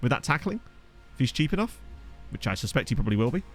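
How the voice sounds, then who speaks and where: A young man giving casual, joking commentary over a football management game, reacting with quick exclamations. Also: medium pitch, sing-song, faint music behind. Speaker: gaming video host. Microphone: desk USB microphone.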